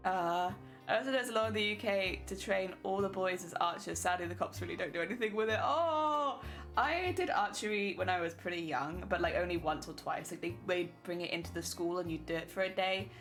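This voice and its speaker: A woman's voice: fairly low pitch, lively intonation, brisk, fairly bright tone, soft background music. A young woman streaming, chatting casually and laughing often while she reads chat.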